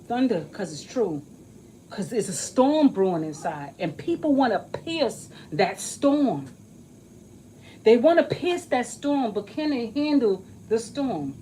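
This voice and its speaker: Animated, profane woman in a rambling vlog. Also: fairly high pitch, a little hiss or hum, poor audio. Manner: profane, emphatic, rambling and joking. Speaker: astrology reading creator. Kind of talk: casual monologue vlog.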